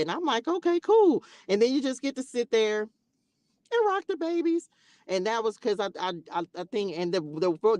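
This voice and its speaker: A woman's voice: lowish voice, clean tone, no room sound. A woman in her forties, a nurse hosting a casual livestream, telling stories and talking straight to her viewers. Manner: chatty storyteller who keeps addressing viewers directly.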